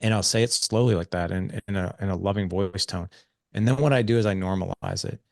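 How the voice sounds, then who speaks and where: A men's coach appears as a podcast guest, talking loosely and casually with lots of fillers as he tells stories and explains his ideas. His low-pitched voice is a little fast and slightly mellow, with vocal fry, in a dry, clean studio recording.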